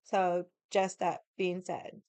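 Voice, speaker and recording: A young woman tells a long story at home with a drink in hand, wandering off topic and cursing freely. Her voice is smooth and clear. It is recorded close and dry. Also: fairly low pitch, monotone, slow pace, mellow, dry recording. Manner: swears freely, drifts into tangents; drinking while chatting. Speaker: vlogger. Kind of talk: casual storytelling.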